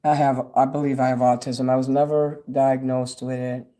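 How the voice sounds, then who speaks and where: An older man talks to his livestream chat in a loose, wandering way, sprinkling in curses as he goes. His pitch sits at an ordinary middle height but barely moves, so the talk comes out level and monotone. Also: moderate pace. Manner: meandering, swears freely, reads and answers chat comments. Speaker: livestream host.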